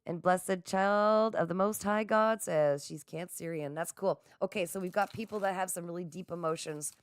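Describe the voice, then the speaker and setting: A woman's voice: lowish voice, moderate pace, clean tone, no echo, studio quality. A middle-aged woman hosting a livestream, chatting casually with viewers, reading their comments aloud and laughing often. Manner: excitable, laughs often, talks straight to viewers. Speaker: livestream host.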